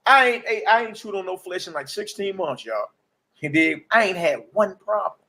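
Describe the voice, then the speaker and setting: A man in his forties giving a casual, preachy testimony as a livestream host, slangy and animated, often asking "you dig?". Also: high-pitched, moderate pace. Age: 40s.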